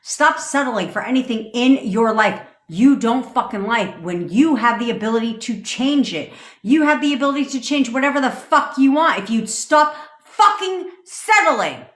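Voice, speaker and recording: A woman's voice: on the high side, lively intonation, moderate pace, fairly bright tone. A woman manifestation coach ranting on a livestream, blunt, profane and emphatic, into a phone. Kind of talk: livestream rant. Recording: roomy echo.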